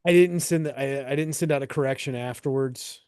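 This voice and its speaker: A man co-hosting a sports podcast, explaining things in a measured, matter-of-fact way. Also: medium pitch, darkish tone, smooth, no room sound, clean studio sound. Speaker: podcast co-host. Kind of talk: casual sports chat.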